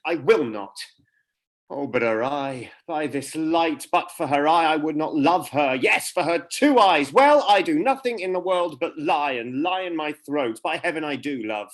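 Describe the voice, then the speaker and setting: An actor playing a lovesick young courtier who mocks himself in exclamatory bursts, in a live-streamed Shakespeare reading. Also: male voice, a little high, a bit bright. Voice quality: self-mocking, exclamatory. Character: lovesick young male courtier, wry and exasperated.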